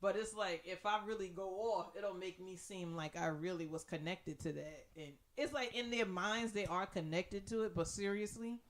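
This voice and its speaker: This podcast co-host has a mid-range voice, talks at normal speed, and hardly pauses. In casual conversation she spins lively stories full of swearing, imitating the voices of the people she quotes.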